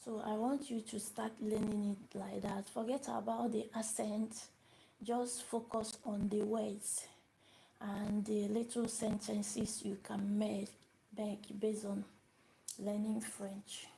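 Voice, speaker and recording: A woman's voice: mid-range voice, level tone, slow pace, vocal fry, warm tone, rough recording. A woman teaching a beginner lesson on a live stream, repeating each word and asking her viewers questions as she goes. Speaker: language teacher.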